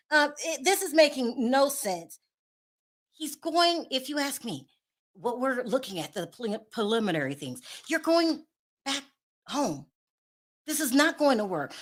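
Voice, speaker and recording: A woman's voice: high-pitched, big pitch swings, measured pace, long pauses, a bit bright. A woman hosting her own commentary show, talking casually with sarcastic, sassy asides and laughing at her own remarks. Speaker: commentary vlogger.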